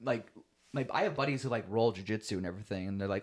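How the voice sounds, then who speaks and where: A young man, a podcast guest, chatting casually and telling lively stories, acting out his relatives' voices and laughing along. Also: fairly low pitch, quick pace. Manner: animated, laughing, acts out quoted relatives. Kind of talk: casual storytelling chat.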